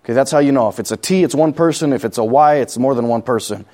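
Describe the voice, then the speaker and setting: A man's voice: medium pitch, quick pace, a little mellow. A man preaching a conversational sermon, repeating key points and asking the congregation questions.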